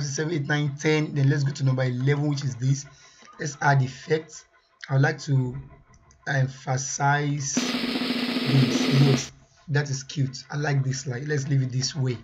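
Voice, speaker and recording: A man presenting a software tutorial, thinking aloud as he weighs each option and often repeats himself. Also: mid-range voice, rough recording. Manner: muses aloud over choices, repeats himself.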